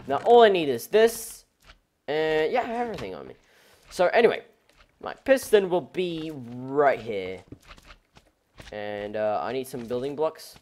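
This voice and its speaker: A man narrating his own gameplay in a loose, rambling way, and his pitch swings widely from low mutters to high outbursts. He gets excitable and shouts at the creatures he meets, then drifts back into casual chatter. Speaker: gameplay commentator. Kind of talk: casual let's-play commentary.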